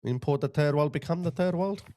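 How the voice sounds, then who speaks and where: A man's voice: a little high, brisk, dark tone. A man hosting his channel, giving indignant political commentary over video clips and often repeating himself to point things out. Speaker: channel host.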